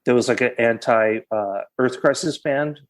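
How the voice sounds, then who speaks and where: Podcast guest, man, mid-range voice; animated casual talker, salty language. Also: medium pitch, normal speed. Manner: animated, swears, heavy use of "like". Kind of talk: casual chat.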